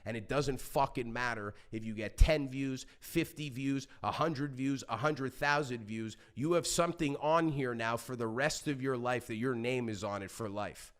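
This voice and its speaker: A man talking as a podcast guest, telling stories in a passionate, animated way and swearing freely. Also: medium pitch, normal speed, hardly any pauses. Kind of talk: casual interview talk.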